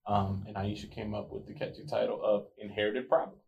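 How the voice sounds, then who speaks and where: A man co-hosting a podcast, chatting casually and explaining topics in a relaxed way. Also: fairly low pitch, fairly quick, creaky, highs cut off. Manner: relaxed, explanatory, light laughter. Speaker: podcast co-host. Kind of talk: casual chat.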